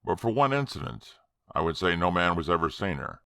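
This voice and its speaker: A man voicing a reluctant, uneasy friend who speaks hesitantly and gravely. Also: low voice, very animated, a little fast, a bit bright, no echo, studio quality, exaggerated voice. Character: uneasy middle-aged male friend, reluctant.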